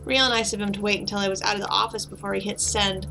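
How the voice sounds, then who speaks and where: A woman's voice: mid-range voice, flat delivery, fast talker, gravelly, close to an everyday voice, low-quality recording. A woman reading the lines of a weary, bitter woman detective in a game, in a sardonic tone over background music.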